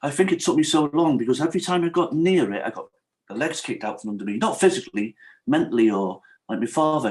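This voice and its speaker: A man's voice: mid-range voice, animated, quick pace. A middle-aged man, a podcast guest telling his personal story in an earnest, emotional way, acting out what others said. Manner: emotional, earnest, acts out quoted dialogue.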